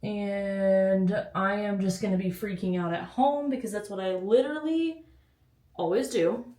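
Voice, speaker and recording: A woman's voice: mid-range voice, measured pace, warm tone. A young woman with a slight lisp, chatting casually in her book vlog with anxious, self-interrupting energy. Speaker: book vlogger.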